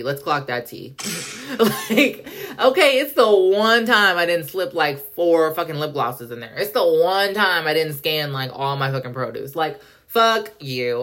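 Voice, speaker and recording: A young woman hosting a podcast, telling a story in a profane, animated, dramatic rant full of slang and filler words. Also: sits low. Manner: heavy slang, filler 'like'. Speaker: podcast host.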